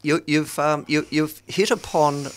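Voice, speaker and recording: A man's voice: a little high, fairly even intonation, measured pace. A man hosting an interview, enthusiastic and a little stumbling as he praises his guest. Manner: enthusiastic, stumbling, laughs often. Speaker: podcast host. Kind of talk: interview chat.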